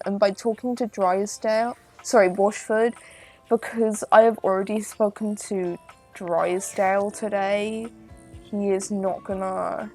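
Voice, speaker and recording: A woman's voice: mid-range voice, darkish tone. A woman streamer giving joking, teasing and crude commentary while playing a game. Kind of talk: casual gameplay commentary.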